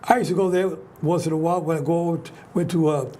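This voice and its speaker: A man's voice: fairly high pitch, fairly even intonation, very fast, warm tone, a little hiss or hum. An older man from New York hosting a talk show, telling rambling stories with many restarts. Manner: rambling, restarts often, storytelling. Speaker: host. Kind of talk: casual chat.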